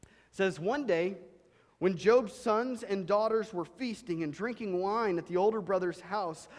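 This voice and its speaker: A man with a high voice preaches in a church sanctuary. His delivery is dramatic, rising to loud emphasis and dropping to hushed, low lines. The sound carries a long hall reverb. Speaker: pastor. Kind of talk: sermon.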